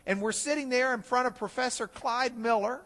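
A middle-aged man teaching a Bible class, telling a self-deprecating story in an animated way. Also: very high-pitched, a little fast, long reverb tail. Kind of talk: storytelling lecture.

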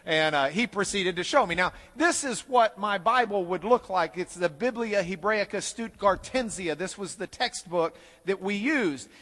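A middle-aged man teaching a Bible class, telling a self-deprecating story in an animated way. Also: sits high, moderate pace, hardly any pauses, big-room sound. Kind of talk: storytelling lecture.

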